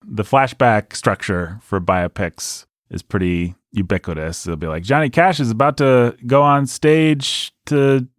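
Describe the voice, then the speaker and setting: A man's voice: medium pitch, a little slow, few pauses, no echo, studio quality. A man co-hosting a casual movie review podcast, talking at length and laughing often as he pokes fun at the film. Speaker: podcast co-host.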